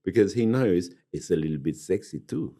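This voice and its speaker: Co-host, middle-aged man, low register, lively and bouncy delivery, playful banter. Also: normal speed, gravelly. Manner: jokey, chatty, laughs often. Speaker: podcast co-host. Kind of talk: casual banter.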